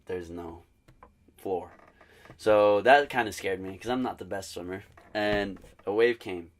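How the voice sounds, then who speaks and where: A young man co-hosting a casual podcast, telling a story in a relaxed, swearing, laughing way. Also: lowish voice, unhurried. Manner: laid-back storyteller, swearing, laughing easily. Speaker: podcast co-host.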